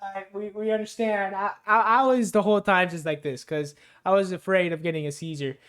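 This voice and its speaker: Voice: medium pitch, brisk, a bit bright, clean tone. A movie reviewer casually recapping a film with spoilers, rambling loosely with lots of fillers, restarts and swearing.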